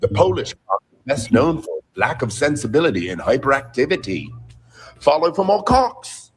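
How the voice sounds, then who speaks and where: A man playing an over-eager host of a rooster show, hammy and prone to shouting bursts. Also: very animated, moderate pace, a little hiss or hum, natural voice. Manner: hammy, shouting bursts, wildly swooping pitch.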